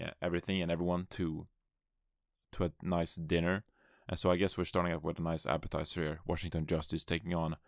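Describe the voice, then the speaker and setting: A deep-voiced man talks through his own podcast from home, upbeat and rambling and pleased with his own puns. His voice has a gravelly edge. The recording is close and dry. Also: a bit bright, no echo. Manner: upbeat, rambling, self-amused, with restarts. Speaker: podcast host and esports analyst. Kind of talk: solo podcast commentary. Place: his apartment.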